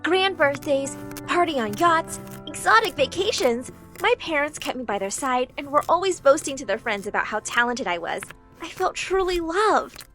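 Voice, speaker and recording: Casting: young woman, expressive storytime narrator, high lively voice, faint music underneath. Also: moderate pace. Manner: dramatic, expressive. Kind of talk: first-person storytime narration.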